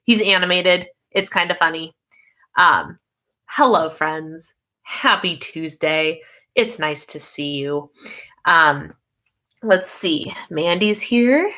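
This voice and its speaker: A woman's voice: lowish voice, slow pace, bright, forceful tone. A woman hosting a casual livestream, chatty and easily sidetracked, with lots of fillers. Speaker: YouTube livestream host.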